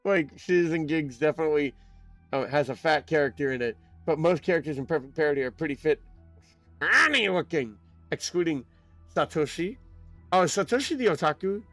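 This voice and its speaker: Excitable young man chatting on stream. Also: on the high side, no room sound, faint music behind. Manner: excitable, rambling, quick laughs. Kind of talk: casual live-stream chat while gaming.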